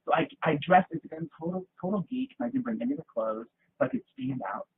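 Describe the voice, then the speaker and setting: A man guest in an interview, telling animated, theatrical stories in a casual chat. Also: high voice, fast, gravelly, a little hiss or hum. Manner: lively, theatrical storyteller with bursts of laughter. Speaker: guest, actor. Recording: tinny lo-fi line.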